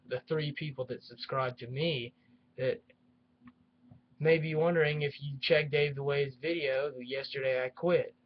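A man's voice: medium pitch, lo-fi sound, slight background noise. A young man ranting in a vlog, complaining and repeating himself with many restarts, recorded at home. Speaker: YouTube reviewer. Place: at home near his action figure collection.

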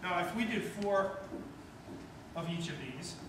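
A man's voice: high-pitched, lively intonation, unhurried. A man, questioning and encouraging as he teaches a wind band in rehearsal. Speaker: band clinician. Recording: echoey rehearsal room from far off.

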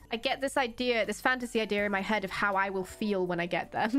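A young woman streamer doing casual reaction commentary, excitable, laughing often and swearing freely. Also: mid-range voice, fairly quick, soft background music.

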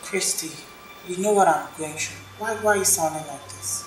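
A woman plays a hurt young woman who speaks hesitantly, in a subdued way. Her voice is low. It is heard in a reverberant room with music underneath. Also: moderate pace, close to an everyday voice. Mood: pleading.

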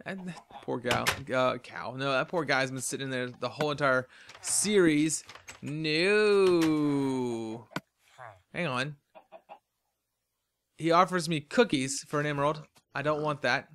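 A yawning, tired man narrates his own gameplay in loose, rambling commentary, chatting to himself as he goes. His voice sits a little high and sounds bright and sharp, with a faint hiss behind it. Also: slow, pauses often. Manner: rambling, chatty, talks to himself while playing. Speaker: let's play host.

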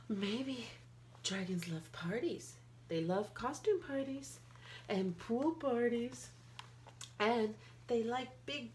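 A woman reading a picture book aloud to a child, playful, with gasps and excited outbursts. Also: fairly high pitch, a little hiss or hum. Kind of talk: animated read-aloud storytelling.

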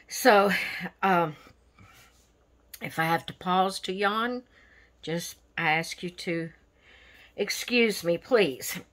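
Slow-talking woman chatting casually. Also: mid-range voice, fairly bright tone. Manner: rambling and chatty, with many fillers. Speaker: coloring channel host. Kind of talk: casual show-and-tell vlog.

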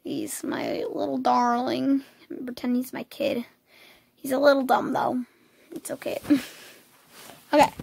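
Young female vlogger, hoarse and gravelly, slow-talking, chatty and cooing. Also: high-pitched, fairly even intonation, a little mellow, no echo. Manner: chatty, cooing over cute pictures. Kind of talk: casual screen tour.

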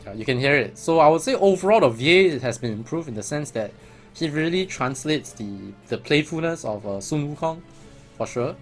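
A man's voice: a little high, expressive, normal speed, faint music behind. A man giving casual, chatty commentary as a gaming vlogger, laughing often.

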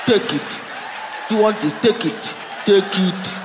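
A woman's voice: mid-range voice, measured pace, over music, crowd noise, close to an everyday voice. A woman playing a blunt, pushy woman with a Nigerian accent who keeps pressing her wares in a sing-song, insistent way. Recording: reverberant live venue.

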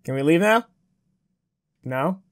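A woman's voice: sits low, animated, slow. A woman giving playful, joking commentary while playing a video game. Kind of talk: let's play commentary.

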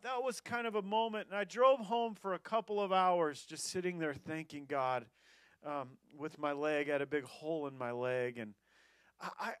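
A man with a high voice preaches a sermon and tells his story with energy, stumbling over his words and pushing on. The sound is dry and close, with no room around it. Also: no echo. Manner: storytelling, animated, quick restarts and laughs. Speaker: pastor.

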